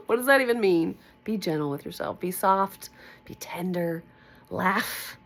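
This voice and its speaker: A woman's voice: on the low side, animated, unhurried. A woman reading a book aloud to her camera, stopping to comment in a giddy, affectionate, sing-song way. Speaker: book reader and vlogger. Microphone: facing her own camera.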